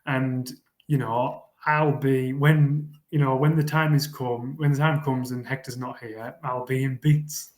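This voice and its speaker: A man's voice: mid-range voice, steady tone, measured pace. A man, a guest in a casual interview, who speaks earnestly and rambles, often repeating words as he thinks. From England. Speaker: guest, fell runner. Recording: roomy echo.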